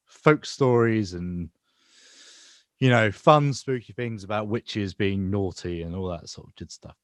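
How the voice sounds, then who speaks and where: A man's voice: lowish voice, no echo. A man in his thirties from England, co-hosting a casual podcast and telling a spooky local story. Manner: animated, tells a spooky tale in a storytelling voice. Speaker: podcast co-host.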